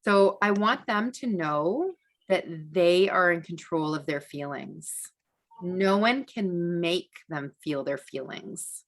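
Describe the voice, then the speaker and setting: A woman teaching a parenting masterclass in a relaxed, conversational way, with frequent fillers and restarts. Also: lowish voice, slow. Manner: acts out gentle validating speech to a child. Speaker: parenting educator.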